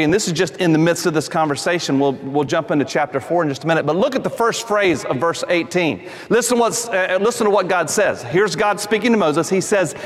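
A male preacher with a high voice delivers an emphatic sermon, dropping to a hush to drive points home and calling his listeners folks. His words ring with the long reverb of a large hall. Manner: emphatic, addresses listeners as folks, drops low for stress.

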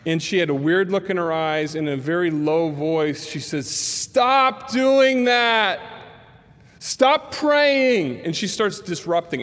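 A male pastor preaches a sermon, telling a story and acting out the voices of the people in it. His voice sits slightly high for a man. A long reverb from the large hall hangs behind every phrase. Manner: animated storyteller acting out quotes.

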